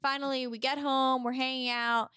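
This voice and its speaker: A woman in her twenties casually telling a story on a podcast, chatty and animated, with many fillers. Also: sits high, moderate pace, clear, resonant tone, no room sound, clean studio sound. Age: 20s. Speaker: podcast guest.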